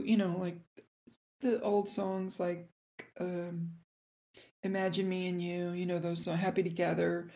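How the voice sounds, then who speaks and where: A woman's voice: medium pitch, mellow. A middle-aged woman with a slightly nasal voice, hosting a podcast in a rambling, self-deprecating chat. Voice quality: a little nasal. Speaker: podcast host. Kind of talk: casual chat.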